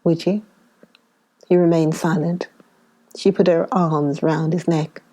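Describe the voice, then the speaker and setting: A woman narrating a classic romance novel aloud in a measured, unhurried way. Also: sits low, level tone, dark tone. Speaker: audiobook narrator.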